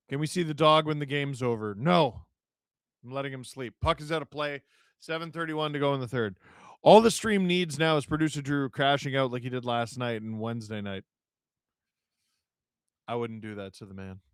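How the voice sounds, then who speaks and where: A man, hosting a live hockey watch-along, calling the play and reading chat with jokes and shouts at big moments. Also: medium pitch, clear, resonant tone, dry recording, studio quality. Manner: excitable, shouts at big plays, jokey.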